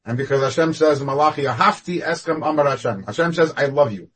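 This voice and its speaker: A man giving a Torah class over a video call, talking animatedly with sudden jumps up and down in pitch and loudness. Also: fast. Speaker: rabbi teaching a class.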